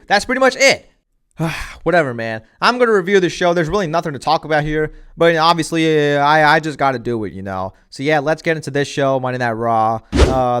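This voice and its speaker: A man's voice: mid-range voice, fairly bright tone. A young man giving a casual, opinionated wrestling review, exasperated and ranting with lots of "you know" and "man".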